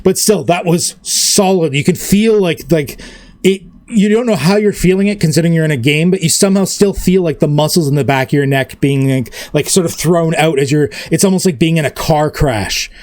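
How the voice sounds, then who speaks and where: A man's voice: a little high, fairly quick, darkish tone, dry recording. Rambling man running a tabletop game. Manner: rambling, loose, full of fillers. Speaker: game master.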